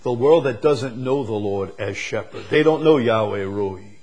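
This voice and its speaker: A man preaching a sermon, drawing words out slowly and swinging from loud emphasis to hushed, quiet lines. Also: on the low side, husky, dull audio. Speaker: pastor.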